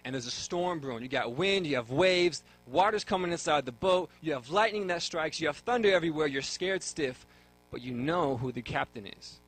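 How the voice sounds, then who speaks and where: A man's voice: medium pitch, a bit bright, low-quality recording. A young man in a radio studio, earnestly telling his faith testimony and often repeating words as he starts a thought. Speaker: guest sharing his testimony.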